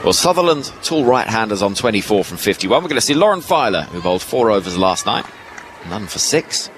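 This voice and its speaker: A man giving ball-by-ball cricket commentary from a ground's commentary box, lively and rising with each delivery. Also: on the low side, brisk. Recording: broadcast with loud ground noise behind.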